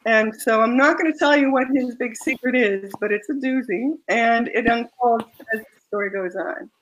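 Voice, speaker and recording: A woman author reading her own romance fiction aloud in a soft, measured way, then chatting about the story. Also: a little high, poor audio.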